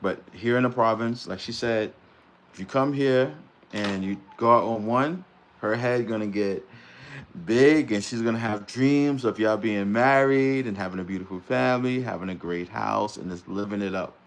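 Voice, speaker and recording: Middle-aged guy rambling on a live stream, kinda low voice, laughs a lot. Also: normal speed, a little hiss or hum. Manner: loose, rambling, laughs easily. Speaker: host. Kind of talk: casual live-stream chat.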